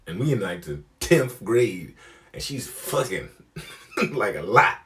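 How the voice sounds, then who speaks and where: Profane, animated male comedian, low voice. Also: slow pace. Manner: animated, profane, acts out quotes. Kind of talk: storytelling comedy.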